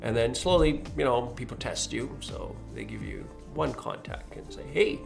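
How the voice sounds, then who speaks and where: Earnest man with a gravelly voice. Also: medium pitch, normal speed, faint music behind. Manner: earnest, animated storytelling with acted-out quotes. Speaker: mortgage specialist. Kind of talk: reflective storytelling monologue.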